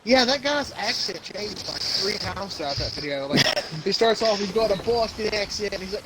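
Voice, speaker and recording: A man's voice: sits high, lively intonation, moderate pace. A young man hosting a podcast, rambling through crude stories in casual banter and putting on silly voices as he tells them. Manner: rambling storyteller, mimics voices, laughs a lot. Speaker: podcast host. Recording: noisy background.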